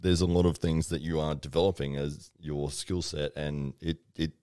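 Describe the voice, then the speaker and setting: A man's voice: a bass voice, flat delivery, normal speed, a little mellow, clean tone, no echo, studio quality. An Australian man co-hosting a casual podcast, laughing often and using lots of fillers. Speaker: podcast co-host. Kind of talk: casual chat.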